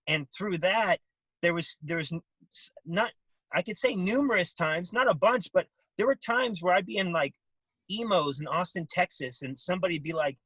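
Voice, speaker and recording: A man's voice: high-pitched, moderate pace, breathy edge, no echo, low-quality recording. A man being interviewed, telling stories animatedly with many restarts and acted-out quotes. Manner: animated storytelling, acts out voices, many restarts. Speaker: interview guest. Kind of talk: casual interview.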